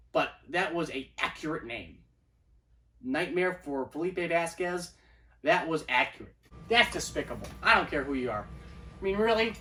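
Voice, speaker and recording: A man's voice: on the high side, far from the mic. Incredulous, ranting young-sounding man. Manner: incredulous, repeats himself, animated rants. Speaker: baseball vlogger. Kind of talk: casual ranting commentary.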